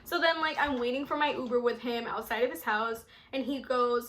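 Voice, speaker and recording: Young woman vlogger, animated and chatty, bright, slightly high voice. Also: fairly quick. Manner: animated, chatty, lots of filler "like". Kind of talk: storytime vlog.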